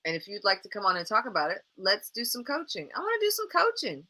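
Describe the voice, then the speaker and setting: A woman leads a live motivational coaching broadcast. Her voice is bright and forceful. She speaks straight to her viewers and repeats phrases with energy to drive each point home. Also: medium pitch, fast. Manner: encouraging and animated. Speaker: life coach hosting a live show.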